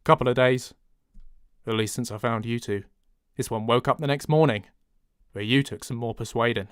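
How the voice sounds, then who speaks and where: A man voicing a gallant male centaur with a low, warm voice and a light Northern English accent, swallowing some consonants. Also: steady tone, moderate pace, clean tone, no room sound, clean studio sound, lightly acted. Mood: gallant, friendly. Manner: dropped consonants, low and easygoing.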